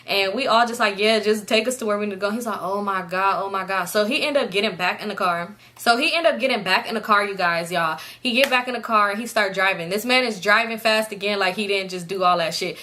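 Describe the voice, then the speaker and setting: Animated young woman telling a story. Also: mid-range voice, fast, few pauses. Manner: animated, laughing, quoting others in the story. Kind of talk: casual storytime.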